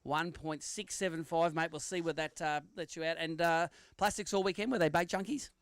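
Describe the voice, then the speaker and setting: A man's voice: fairly high pitch, steady tone, fairly quick, fairly bright tone, clean tone, no room sound. A man with an Australian accent hosting a live fishing weigh-in outdoors, chatty and joking as he reads out weights and standings. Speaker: weigh-in emcee.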